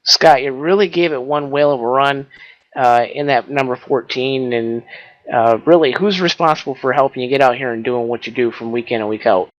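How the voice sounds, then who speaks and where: A man commentating an online racing broadcast, folksy and measured. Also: mid-range voice, no echo. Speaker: race commentator. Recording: dull, lo-fi dry mic.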